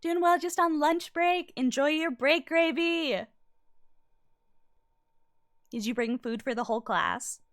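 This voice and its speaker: A woman live-streaming a game, chatting casually, greeting viewers by name and thinking her answers through out loud. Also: high-pitched, normal speed, no room sound, clean studio sound.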